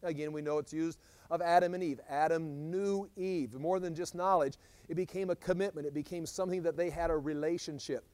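Animated man teaching Bible study. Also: a little high, fairly quick, dry recording. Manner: animated, acts out scripture quotes, frequent restarts.

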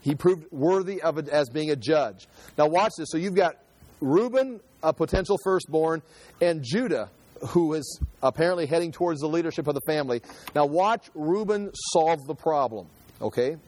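A man's voice: a little high, expressive, moderate pace, a little mellow, no room sound. A man teaching the Bible verse by verse in a conversational way, reading passages and then explaining them, often restarting his sentences. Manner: conversational, reads scripture then explains it in his own words; frequent restarts and repeated words.

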